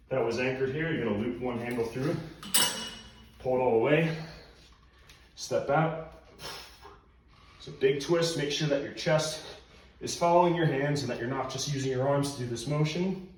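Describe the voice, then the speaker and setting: A man's voice: mid-range voice, normal speed, long pauses, far from the mic, a little hiss or hum. A male personal trainer giving workout instructions while he demonstrates the moves, out of breath. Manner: coaching cues while demonstrating exercises. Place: room at home. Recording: very echoey room, voice off-mic.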